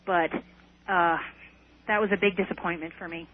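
A woman's voice: fairly low pitch, fairly even intonation. Woman talking over a tinny phone line. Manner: earnest, unhurried, hesitant restarts. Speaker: guest. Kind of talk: recounting a personal experience in an interview.

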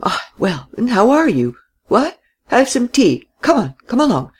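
A man doing a babbling, quavering old gentleman. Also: very high voice, sing-song, unhurried, breathy edge, voice pushed up, heavily acted. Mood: fussing. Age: older. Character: doddering, babbling old gentleman, genial and forgetful.

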